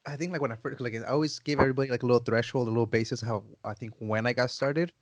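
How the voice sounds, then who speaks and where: A man's voice: mid-range voice, fairly even intonation, rapid-fire, no room sound. A man in his twenties hosting a podcast, asking questions in an easygoing, enthusiastic way and repeating words while he thinks. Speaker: podcast host. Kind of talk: casual podcast interview.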